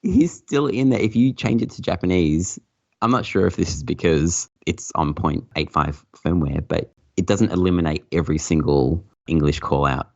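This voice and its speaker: A man's voice: deep voice, normal speed, dry recording, dull audio. A man guesting on a casual podcast, rambling and swearing freely, laughing often. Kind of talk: casual chat.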